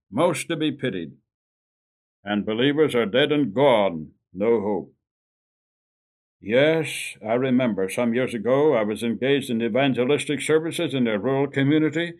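An older man preaching an earnest sermon, slowing down for emphasis and dropping low and soft at the ends of lines. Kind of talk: radio sermon.

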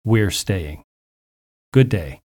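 A man reading out a quietly firm farmer. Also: low-pitched, expressive, extremely slow, heavily acted. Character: quietly determined middle-aged farmer-minister.

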